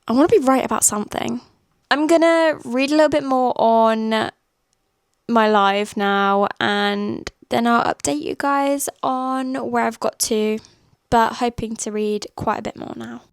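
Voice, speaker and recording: A woman's voice: a little high, steady tone, measured pace, clear, resonant tone, dry recording. A woman vlogging her reactions while reading, chatty and emotional, often exclaiming. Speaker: book vlogger. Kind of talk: casual reading-reaction vlog. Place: at work on a lunch break.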